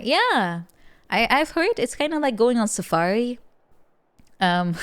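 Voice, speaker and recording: A woman's voice: medium pitch, clear, resonant tone. Giggly woman streamer chatting. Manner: giggly, laughs often between remarks. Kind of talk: casual chat with live viewers.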